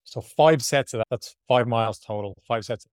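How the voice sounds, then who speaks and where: A man's voice: mid-range voice, normal speed, a little mellow, dry recording, studio quality. A man with an Irish accent, a marathon runner and podcast co-host, chatting casually and rambling, worn out after a hard workout. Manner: chatty, rambling, laughs often. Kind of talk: casual chat.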